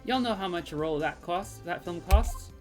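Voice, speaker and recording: A woman's voice: lowish voice, expressive, normal speed, soft background music, lightly acted. A woman voicing a sassy, blunt woman photographer with a Southern US accent and a scolding drawl.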